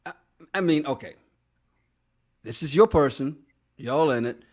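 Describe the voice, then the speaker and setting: A man's voice: on the high side, expressive, unhurried. A man co-hosting a podcast, chatting casually about a reality show, laughing often and scolding the cast in jest. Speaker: podcast co-host.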